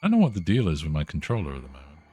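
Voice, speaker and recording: A man's voice: rumbling low, huge pitch swings, racing, dark tone, breathy edge, soft background music. A man streaming a horror game live, reading game text aloud with swearing and self-mocking jokes.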